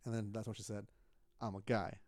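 A young man co-hosting a casual podcast, retelling a story in an animated, profane way with frequent laughter. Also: on the low side, fairly quick. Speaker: podcast co-host.

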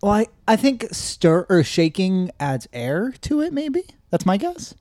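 A man's voice: high voice, very animated, a little slow, a little mellow, dry recording, studio quality. A man co-hosting a casual podcast, playful and upbeat. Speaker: podcast co-host.

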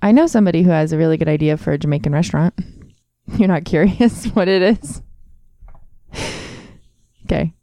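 Giggly woman with a mellow voice. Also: sits low, normal speed, pauses often, no room sound, clean studio sound. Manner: giggly, teasing. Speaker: guest. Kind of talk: casual chat.

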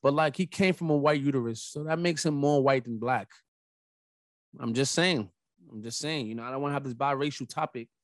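A young adult man hosting a casual solo podcast, telling rambling, animated stories with emphatic asides. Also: mid-range voice, a little fast, dry recording. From New York. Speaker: podcast host.

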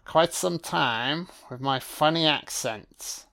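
A man giving an audio-only film commentary, reacting with profane, excitable remarks. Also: fairly high pitch, takes it slowly, vocal fry.

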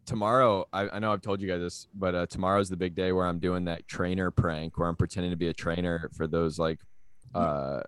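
A man's voice: low voice, flat delivery, a little fast, smooth, no room sound. A man, a comedian, chatting casually with friends on a podcast, rambling and restarting his sentences. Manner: rambling, with frequent restarts and laughter. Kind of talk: casual banter.

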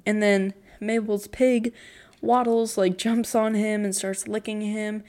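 A teenage girl talking slowly through a casual solo podcast recap, rambling with lots of "like". Her voice quakes as she tries not to cry. She stays heartfelt and a little giggly. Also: mid-range voice, flat delivery, a little mellow. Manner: emotional, near tears, giggly, rambling with many "like"s. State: voice quaking on the verge of tears. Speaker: podcast host.

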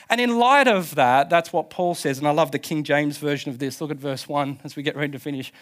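A man's voice: on the high side, a little fast. Impassioned pastor preaching, man. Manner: impassioned, emphatic, with laughs and restarts. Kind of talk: sermon. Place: church service.

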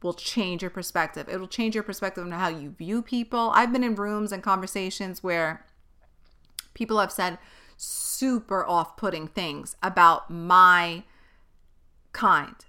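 A woman's voice: fairly low pitch, unhurried, bright, forceful tone, clear, resonant tone. A young woman podcast host speaking candidly and bluntly, with frequent swearing and emphatic delivery. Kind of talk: candid personal monologue.

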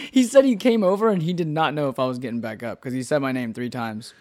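A man's voice: on the high side, animated, fast talker, a little mellow. A man in his late twenties telling a story in casual chat, laughing often and swearing freely. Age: late 20s. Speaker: podcast co-host telling a story.

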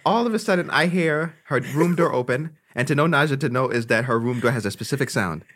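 A man's voice: mid-range voice, fairly quick. A young man, co-hosting a podcast and telling a long story in casual chat, cursing and laughing as he goes. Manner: animated, profane, laughs through his story. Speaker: podcast co-host.

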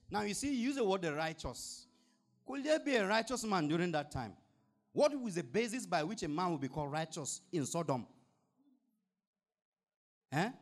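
A male pastor delivers a sermon with a lively, swooping delivery that climbs well above his usual pitch. He reads scripture aloud, then breaks it down with emphatic rhetorical questions and repeated hallelujahs.

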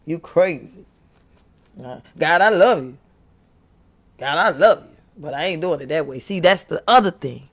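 A man's voice: on the high side, expressive, a little slow, long pauses. A man preaching to his viewers with impassioned, earnest exhortation, pleading and repeating himself. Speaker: faith speaker.

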